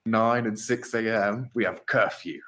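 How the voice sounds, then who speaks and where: A man's voice: fairly low pitch, fairly even intonation, measured pace, fairly bright tone. A man being interviewed, chatting casually and rambling with lots of fillers.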